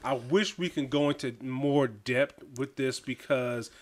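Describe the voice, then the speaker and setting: A man hosting a podcast, reviewing a film in casual chat, animated and laughing often, stumbling over names. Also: medium pitch, a little slow. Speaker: podcast host.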